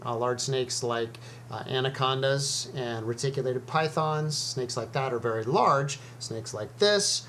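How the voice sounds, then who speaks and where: A man hosts his own video about snakes, explaining them in a chatty, easygoing way with frequent ums and uhs. His medium-pitched, slightly bright voice moves at a measured pace over a little hiss or hum.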